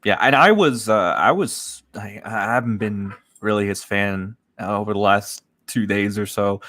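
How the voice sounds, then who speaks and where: Brief: male co-host, low voice, dry close sound, sarcastic deadpan delivery. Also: unhurried, no room sound. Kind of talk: casual commentary chat.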